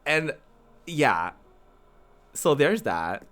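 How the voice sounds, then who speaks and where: A man's voice: fairly high pitch, big pitch swings, drawn-out words, fairly bright tone. A man from the American South chatting casually on a game stream, rambling, restarting his sentences and answering his chat as he plays. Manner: talks back to viewer chat as he plays.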